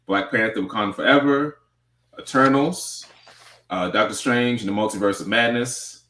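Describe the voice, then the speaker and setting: A man hosting a casual movie review chat, speaking in a relaxed, hedging way and often repeating his words. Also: on the low side, moderate pace, roomy sound, slight background noise. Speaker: show host.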